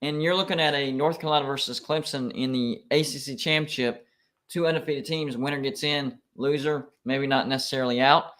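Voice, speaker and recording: A man streaming live reactions to college football games, excitable and quick to complain like an emotional fan. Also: medium pitch.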